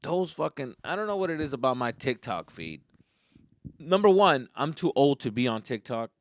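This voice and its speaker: Lively, profane male podcast host. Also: medium pitch, normal speed, no room sound, studio quality. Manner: profane, rambling, slips into Spanish. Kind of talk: casual solo podcast monologue.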